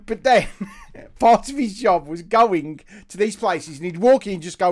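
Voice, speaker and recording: A man's voice: sits high, unhurried. Man telling a laughing anecdote. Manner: animated, laughing anecdote-teller who acts out quotes. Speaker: podcast co-host. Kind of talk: casual storytelling chat.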